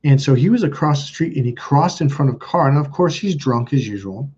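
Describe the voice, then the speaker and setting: Guy in his 30s livestreaming, rambly and blunt, cusses a lot, kinda husky, muffled audio. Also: medium pitch, animated, fairly quick, darkish tone. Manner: rambling, blunt, swears freely. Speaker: livestream host. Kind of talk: casual storytelling to a live chat.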